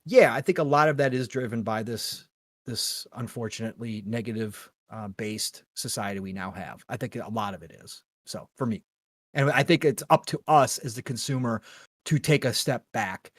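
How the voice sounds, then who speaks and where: A man's voice: mid-range voice, normal speed, no room sound, clean studio sound. A middle-aged man hosting a gaming podcast, talking in an earnest, rambling, opinionated way with casual swearing. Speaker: podcast host.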